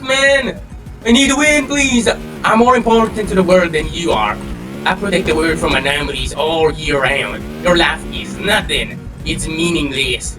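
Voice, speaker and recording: A young man giving casual gameplay commentary, excitable, swearing and trash-talking with lots of slang. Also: fairly high pitch. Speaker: gaming channel host. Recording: distant mic with game music behind.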